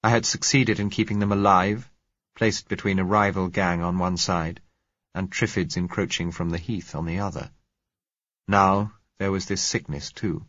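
A man reading a novel aloud as audiobook narrator, in measured, reflective first-person narration. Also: sits low, fairly even intonation, a bit bright, no room sound, dull audio.

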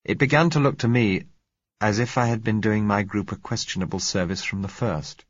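Deep, husky male narrator. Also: no echo. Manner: measured, reflective first-person telling. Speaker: audiobook narrator. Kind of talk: scripted narration. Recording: dull lo-fi recording.

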